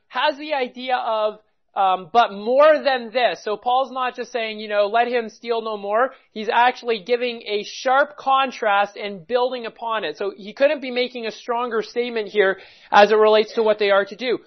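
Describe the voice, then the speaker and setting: A man preaching a measured expository sermon, reading and explaining scripture with pauses. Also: very high voice, steady tone, highs cut off. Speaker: pastor.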